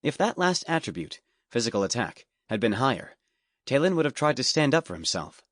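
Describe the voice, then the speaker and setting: This scripted fantasy narration comes from a man whose voice is mid-range, delivered steadily and with measured storytelling. A studio mic captured it dry, with clean studio sound.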